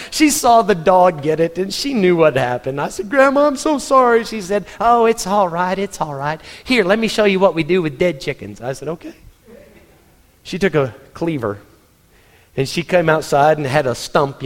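A middle-aged man preaching in a church, telling funny stories in an animated way and laughing at his own stories. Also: a little high. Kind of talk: humorous sermon storytelling. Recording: long reverb in a church hall.

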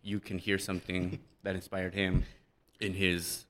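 A man with a low voice and a bright, forceful tone chats casually on a podcast. He rambles, swears and laughs easily. A faint hiss of noise sits behind him. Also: monotone, measured pace. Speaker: band member guest.

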